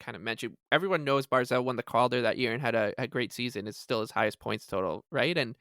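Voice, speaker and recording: A man's voice: mid-range voice, quick pace, no echo. Amused man on a dry-sounding podcast mic. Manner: amused, animated musing. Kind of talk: casual chat.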